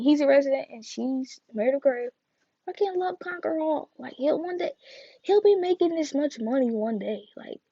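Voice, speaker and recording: Woman rambling about a show, super gravelly low-key voice, dry dull-sounding mic. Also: dark tone, no room sound. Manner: chatty, rambling, filler-heavy with slangy asides. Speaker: TV review vlogger. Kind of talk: casual chat.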